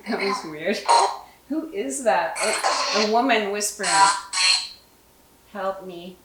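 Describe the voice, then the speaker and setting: A woman's voice: mid-range voice, animated, a little slow. A woman leading a spirit box session as a paranormal investigator, asking short questions and repeating back what the device seems to say. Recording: roomy, distant, loud static hiss.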